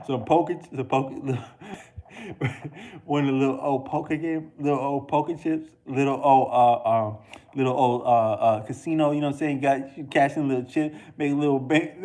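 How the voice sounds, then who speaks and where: A man's voice: mid-range voice, a little mellow. A man talking straight to camera in a loose, rambling monologue, with slangy talk, frequent restarts and chuckles. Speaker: video creator.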